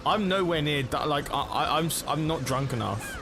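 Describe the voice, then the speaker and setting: A man's voice: on the high side, expressive, normal speed, music in the background. A young man streaming a racing game, chatting casually in a rambling, sweary way, often stopping and restarting his sentences. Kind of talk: casual chat while gaming.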